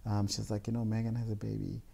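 A young man, a guest telling stories in a relaxed, rambling way with many fillers. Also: fairly low pitch, fast talker, gravelly. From South Africa. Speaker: guest, jeans designer. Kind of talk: casual storytelling interview.

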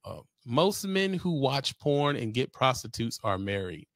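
A man's voice: medium pitch, big pitch swings, measured pace, vocal fry, fairly bright tone, no echo, clean studio sound. A man hosting a live talk stream, giving blunt, profane opinions in casual chat.

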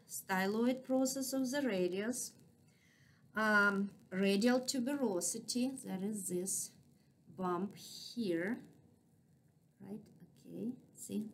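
Accented woman anatomy teacher, measured slow delivery, patient check-ins. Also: mid-range voice, a little hiss or hum. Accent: non-native English. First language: not English. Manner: patient, checks in with frequent "right?". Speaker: anatomy instructor. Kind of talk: classroom lecture.

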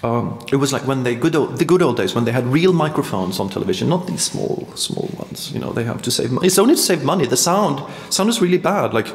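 A man giving a live lecture-performance, rambling and halting with wry asides. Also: medium pitch, lively intonation. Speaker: performance artist. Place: art museum hall. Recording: echoey hall with long reverb.

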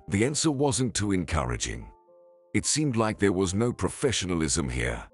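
A man narrating a scripted story in an expressive storytelling manner. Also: deep voice, normal speed, husky. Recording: faint background music.

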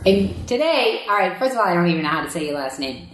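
A woman with a Boston accent hosting a casual interview, brash and quick to swear and laugh. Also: lowish voice, sing-song, slight background noise. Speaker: podcast host. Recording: roomy echo.

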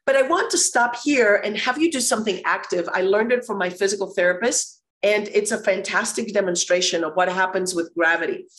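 A woman whose first language is Greek, giving a live online webinar in an energetic, conversational way, with frequent fillers and restarts, speaking into a computer microphone on a video call. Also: medium pitch, brisk, hardly any pauses. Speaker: presenter of a webinar. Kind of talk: live online workshop presentation.

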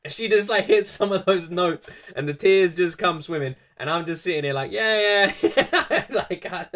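This voice belongs to a video host reacting to a music performance, talking straight to the camera in an easy, unscripted way. The speaker is effusive and says the same phrases over and over, with frequent bursts of laughter. The voice sits in a middle pitch range. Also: normal speed, few pauses, fairly bright tone. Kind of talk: casual reaction vlog talk to camera.

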